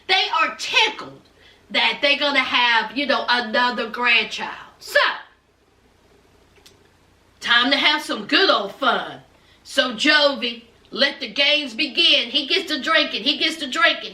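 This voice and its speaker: A woman's voice: extremely high pitch, pushed and bright, roomy sound, distant mic. A woman in a sassy, dramatic casual recap of a reality show, laughing often and acting out what people said.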